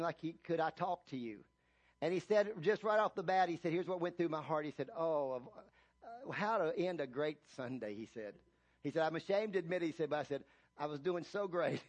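A man, a pastor, preaching a sermon, retelling a story with many restarts and building to loud emphatic reading of scripture. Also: a little high. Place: church.

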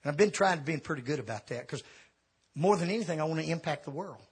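A middle-aged evangelist preaches through a funny personal story, his husky voice sitting a little high for a man. He bounces between loud outbursts and hushed, sheepish asides as the tale unfolds. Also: fast talker. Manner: animated comic storytelling, swings from shouting to quiet. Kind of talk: storytelling sermon.

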